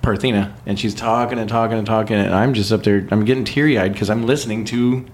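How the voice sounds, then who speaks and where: Male podcast host from California, profane and animated storyteller, faint background hiss. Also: on the low side, fast. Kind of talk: casual storytelling.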